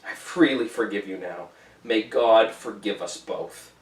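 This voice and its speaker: A man's voice: a little high, animated, measured pace, distant mic. A man voicing a guilt-stricken, despairing minister who speaks in a solemn, old-fashioned way. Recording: roomy echo, away from the mic.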